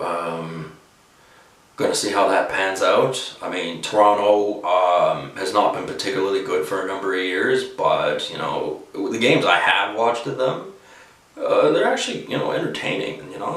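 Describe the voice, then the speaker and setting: Man, deep voice, rambling hockey talk, heavy room echo, far from the mic. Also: a bit bright. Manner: rambling, many fillers. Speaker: hockey commentator. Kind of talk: casual spoken opinion.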